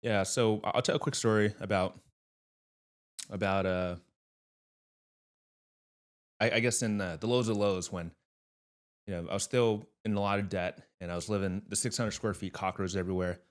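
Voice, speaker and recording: A man's voice: on the low side, fairly even intonation, moderate pace, pauses often. A man being interviewed about real estate, talking in an earnest, emphatic, motivational way. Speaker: real estate investor guest. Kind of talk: casual interview talk.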